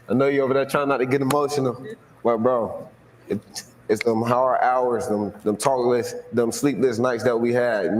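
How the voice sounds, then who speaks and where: A young man from Florida giving a heartfelt, emotional acceptance speech, talking casually with slang and repeating himself. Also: mid-range voice. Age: young adult. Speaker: award winner giving a speech. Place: large hall on a stage. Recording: echoey hall, faint noise.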